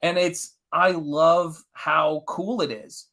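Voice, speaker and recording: A man's voice: a little high, fairly even intonation, slow pace, gravelly, sharp tone. A middle-aged man hosting a live art stream, chatting casually and enthusiastically with his viewers while he paints. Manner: enthusiastic, rambling, talks to the chat.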